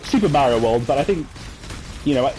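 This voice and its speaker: A man's voice: mid-range voice, animated, fairly quick, a little mellow, a little hiss or hum. A man, chatting casually and reminiscing over gameplay with many fillers and asides. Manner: rambling, nostalgic storytelling with many fillers. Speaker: gaming channel host.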